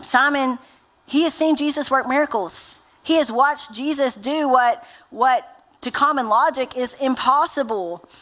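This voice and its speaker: A woman's voice: fairly high pitch, fairly bright tone. Conversational woman preaching a sermon. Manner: conversational, uses many fillers like "like" and "right?". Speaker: pastor.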